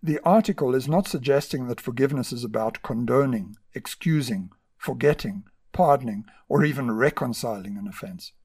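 A man hosting a podcast, narrating stories in a measured, scripted storytelling manner. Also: mid-range voice, expressive, a little mellow, husky. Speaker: podcast host.

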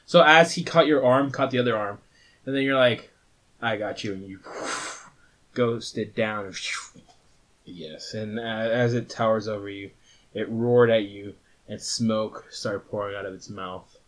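A man's voice: lowish voice, unhurried, a bit bright. A man narrating a tabletop game as game master, in a casual way with fillers and restarts.

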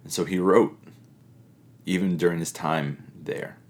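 A middle-aged man speaks in a very low, deep voice, teaching an audience about faith. He talks earnestly and reflectively, pausing often and searching for words as he goes. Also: fairly even intonation. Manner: earnest, reflective, with pauses and fillers. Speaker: pastor or teacher giving a talk.

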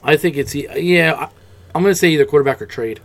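A man's voice: a little high, quick pace. A man co-hosting a casual sports podcast, joking around with blunt, profane asides. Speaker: podcast co-host.

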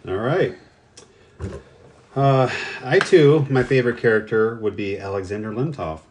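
A man's voice: medium pitch, a little slow, a little mellow, a little hiss or hum. A man co-hosting a podcast in casual chat, hesitant, with many fillers and restarts. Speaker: podcast co-host.

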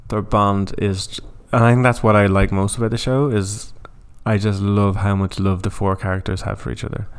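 Enthusiastic man with gravelly voice. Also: lowish voice, level tone, moderate pace. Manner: enthusiastic, stumbling restarts. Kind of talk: casual chat.

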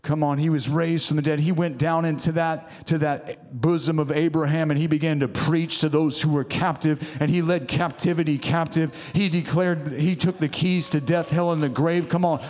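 A man's voice: on the high side, fairly even intonation, moderate pace, hardly any pauses, darkish tone. Fervent male preacher in a reverberant hall. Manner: fervent, exhorting, often calls out "come on". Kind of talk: sermon. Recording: long reverb of a large hall.

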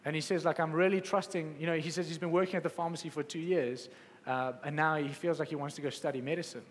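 A man delivers a sermon from the front of a large hall, his voice fairly high and carrying. He swings from fervent, rising exclamations down to quiet, soft passages. The sound has a long reverb tail with faint room ambience behind it. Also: steady tone, fast, a little hiss or hum. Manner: passionate, rising to exclamations then dropping soft. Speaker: preacher.

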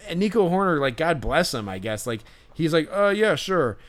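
Talking fairly quickly with big pitch swings, a young male podcast host has a fairly high voice. He tells a story in casual, rambling chat full of fillers and restarts, laughing along the way.

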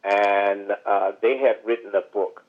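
A man's voice: lowish voice, steady tone, a little slow. Man on a tinny phone line. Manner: rambling storyteller, full of asides and fillers. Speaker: author and guest on a podcast. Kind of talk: storytelling interview over the phone.

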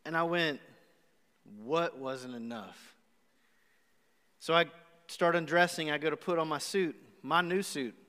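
A man with a high, bright-sounding voice preaches a live sermon and acts out the voices inside his story. The sound rings with a long church-hall reverb, recorded live in a large auditorium. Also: moderate pace, clear, resonant tone. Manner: animated storytelling with acted-out asides. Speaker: pastor.

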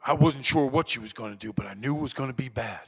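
A man's voice: mid-range voice, quick pace, vocal fry, slightly rough. A man doing an impression of an older male sober mentor who talks bluntly and plainly, as if nothing can shock him. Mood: blunt, confiding. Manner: streetwise, plain-spoken, unshockable. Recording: dull lo-fi recording, long hall reverb.

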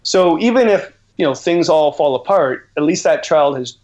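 A middle-aged man from Canada talks as a guest on a podcast, rambling through his stories with an animated, laughing delivery. His voice sits a little higher than most men's. He sounds like he is calling in remotely. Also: normal speed, lo-fi sound. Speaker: guest, outdoor educator and author. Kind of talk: casual podcast interview.

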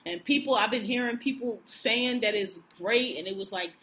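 A woman co-hosting a podcast in casual chat, with a blunt, profane, animated way of ranting. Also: a little high, normal speed, a little hiss or hum. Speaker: podcast co-host.

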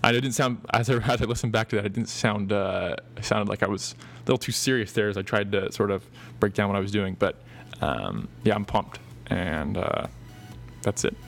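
A young man in his twenties talks on his own podcast in a casual, rambling way, full of ums and restarted phrases. His voice sits a little low. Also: moderate pace, gravelly, a bit bright, a little hiss or hum. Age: 20s. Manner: loose and rambling, many fillers and restarts. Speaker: podcast host. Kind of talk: casual solo podcast talk.

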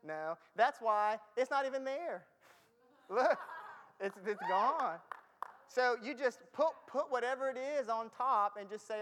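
A man's voice: sits high, expressive, takes it slowly, fairly bright tone. A man preaching a conversational sermon, often laughing and losing his place as he reads from slides. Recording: reverberant hall.

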